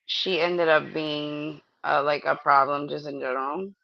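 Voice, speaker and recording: Low, gravelly woman reacting quietly. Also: fairly even intonation, measured pace, no room sound, dull audio. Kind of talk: casual chat, listening.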